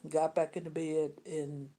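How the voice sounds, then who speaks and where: A woman, telling a personal story in a rambling, repetitive way with many restarts and pauses. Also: sits low, little pitch movement, dark tone. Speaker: vlogger.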